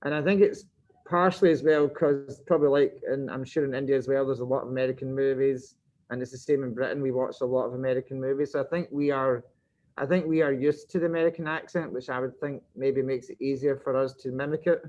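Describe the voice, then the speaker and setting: A man's voice: mid-range voice, steady tone, fast, a little mellow. A Scottish teacher chatting easily over a video call, mixing wry asides with a lot of "I think". His voice sits in a middle register. The sound is dull and lo-fi, as from a web call. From Scotland. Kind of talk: casual video call chat.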